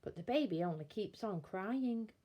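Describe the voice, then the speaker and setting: A woman reading a bedtime story aloud in a slow, expressive storytelling manner. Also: mid-range voice, muffled recording.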